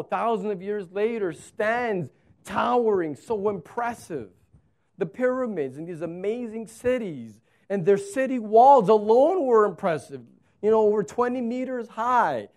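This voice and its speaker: A man in his thirties preaching a sermon as pastor, telling stories and acting out conversations with animated delivery. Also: sits high. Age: 30s. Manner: animated storytelling, acts out dialogue.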